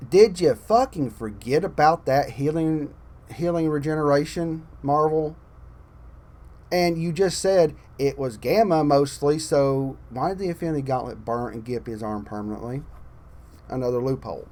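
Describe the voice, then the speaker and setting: A man's voice: fairly high pitch, normal speed. Profane ranting man with a raised voice. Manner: animated, swings loud and soft. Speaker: channel host. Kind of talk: ranting movie commentary.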